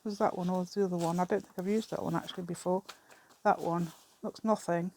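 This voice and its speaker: A woman's voice: lowish voice, steady tone, fairly quick, dark tone, slight background noise. A woman chatting casually while she crafts at an outdoor table, rambling along with self-deprecating asides. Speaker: craft vlogger. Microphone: camera set on the table.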